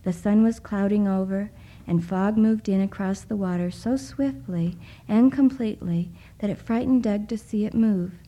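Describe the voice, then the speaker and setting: A woman reading a story aloud in a hushed voice, often dropping into a whisper. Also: mid-range voice, moderate pace, highs cut off. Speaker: narrator. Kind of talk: soft-spoken story reading.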